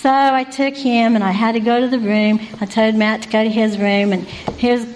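A woman who works night staff at a youth residence tells an animated personal story, acting out the people in it. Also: a little high, normal speed, slight background noise, rough recording. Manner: animated, conversational, acts out voices.

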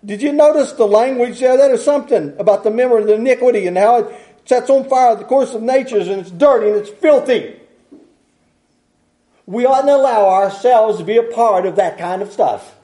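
A man's voice: very high voice, moderate pace, mellow. A man preaching a sermon in a folksy, rambling way, often restarting his sentences and chuckling as he goes.

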